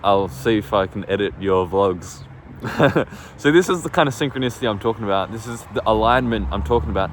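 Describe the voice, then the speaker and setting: A man vlogging outdoors on his phone, telling a story in a rambling, casual way, full of fillers and swearing. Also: on the low side. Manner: rambling, lots of fillers and swearing, laughs often. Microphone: phone on small tripod. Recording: faint street and traffic noise.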